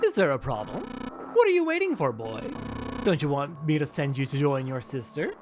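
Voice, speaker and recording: A cold, sadistic male killer, put on by a performer reading a game aloud, unhurried and polished as he gloats. The voice is mocking and precise, and its pitch swings widely between lines. Game music plays behind it. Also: sing-song, natural voice. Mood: taunting.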